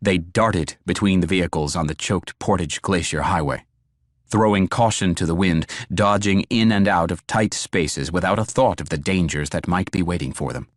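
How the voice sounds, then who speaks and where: A man's low-sitting voice carries an audiobook narration, steady and even in its storytelling pace. It's recorded at studio quality without echo.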